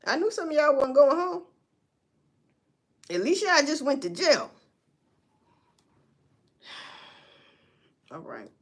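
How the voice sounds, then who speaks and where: A woman's voice: sits high, very animated, slow pace, pauses often. A woman hosting a casual livestream, giving blunt, profane commentary and talking straight to her viewers. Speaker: livestream host.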